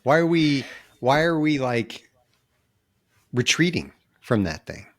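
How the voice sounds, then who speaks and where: Podcast host, male, lively pitch, halting probing questions. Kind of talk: podcast interview.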